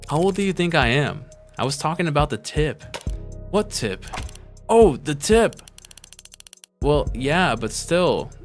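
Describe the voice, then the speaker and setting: A man streaming a story game, reading its dialogue aloud and voicing several characters with a quick, sarcastic delivery. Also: mid-range voice.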